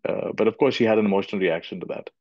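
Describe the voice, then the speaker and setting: This middle-aged Indian man races through a thoughtful spiritual talk as a teacher, his lowish voice a little mellow. He repeats phrases for emphasis, captured on a dry, dull lo-fi recording.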